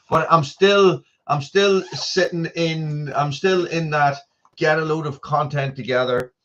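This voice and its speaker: A man's voice: mid-range voice, fairly bright tone, lo-fi sound. A man hosting a casual live stream, rambling and chatty as he greets viewers by name.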